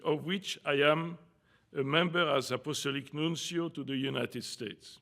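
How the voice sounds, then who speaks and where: Older French-accented man, bright voice. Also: a little high. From France. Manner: careful, slightly halting delivery with small self-deprecating asides. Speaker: diplomat giving a lecture. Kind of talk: formal prepared address.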